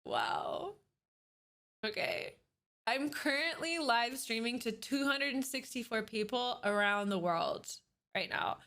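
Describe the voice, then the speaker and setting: A woman in her thirties chatting casually on a livestream into a desk microphone, enthusiastic and animated, swearing freely. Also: fairly high pitch, slow pace, vocal fry. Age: 30s.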